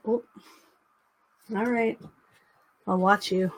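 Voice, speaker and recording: A woman's voice: medium pitch, steady tone, a little slow. Chatty young woman livestreaming. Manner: chatty, coos baby talk to her dog. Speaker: livestream host. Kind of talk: casual livestream chat.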